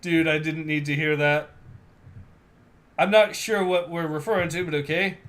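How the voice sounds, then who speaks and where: A man's voice: fairly high pitch, fairly even intonation, normal speed, a bit bright. Laid-back young man reading chat comments. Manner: laid-back, reads viewer comments aloud with fillers and laughs. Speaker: livestream host.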